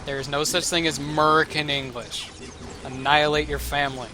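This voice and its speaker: A man's voice: a little high, little pitch movement, moderate pace, noisy background. A young man streaming a strategy game, talking casually with sarcastic, profane asides. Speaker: gaming streamer. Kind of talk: casual gameplay commentary.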